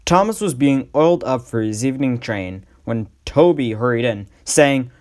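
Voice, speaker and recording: A man reading a storybook aloud as the narrator, in a measured, even way. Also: medium pitch.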